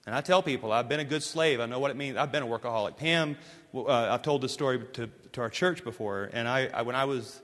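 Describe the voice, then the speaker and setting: A man's voice: mid-range voice, fast talker. Emphatic male pastor in a reverberant hall. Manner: emphatic storytelling, swinging between forceful and hushed. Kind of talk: sermon.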